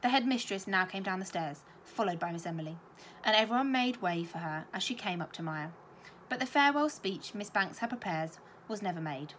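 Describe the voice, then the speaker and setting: Woman reading a story with animated pitch. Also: brisk, a little hiss or hum. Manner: expressive storytelling. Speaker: teacher. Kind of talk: reading a children's novel aloud.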